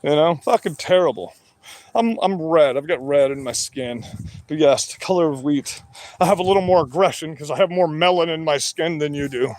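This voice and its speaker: A man with a notably high voice delivers a long, combative monologue straight to his audience. He swears heavily and argues in short, hammering bursts. The sound is close and dry, with no room around it. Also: brisk, a little mellow, dry recording. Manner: profane, combative, heavy swearing. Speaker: vlogger. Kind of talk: angry monologue rant.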